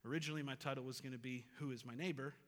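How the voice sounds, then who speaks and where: A man in his thirties races through his sermon as pastor, earnest and emphatic, with key phrases repeated. His pitch is medium and his intonation fairly even. The church sanctuary sounds like a reverberant hall.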